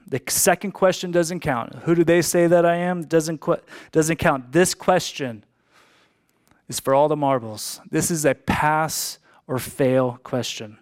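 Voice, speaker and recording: A man preaching a sermon as a pastor, emphatic, repeating key lines for emphasis. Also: a little high.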